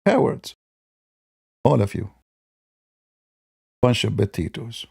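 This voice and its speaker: Gravelly mocking man, dark voice. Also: animated, slow pace, no room sound, clean studio sound. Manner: mocking, sarcastic, imitates opponents in high voices. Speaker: online debate show host. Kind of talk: polemical monologue.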